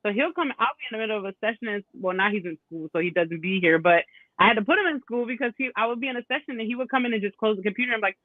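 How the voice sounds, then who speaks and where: A woman's voice: fairly high pitch, animated, racing, dry recording. A woman guest on a panel podcast, chatting expressively about family moments. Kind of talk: casual storytelling. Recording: tinny phone-like line.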